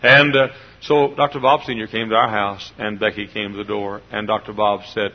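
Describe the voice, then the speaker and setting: A man preaching a storytelling sermon in a folksy way, dropping to quiet asides and rising to loud emphatic bursts. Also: lowish voice, level tone, normal speed, hardly any pauses. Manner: folksy, swings from hushed to loud emphatic outbursts. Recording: dull lo-fi sermon recording.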